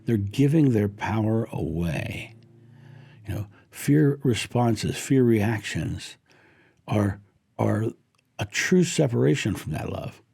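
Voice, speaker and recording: A middle-aged man giving a slow, heartfelt spiritual talk, lingering gently on his words. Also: fairly low pitch, lively intonation, vocal fry, husky. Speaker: spiritual teacher.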